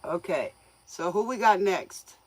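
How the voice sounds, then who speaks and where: A woman's voice: on the low side, lively intonation, unhurried, no echo. A woman hosting a tarot livestream, chatting casually with viewers in a folksy, joking way, often laughing and playfully scolding them.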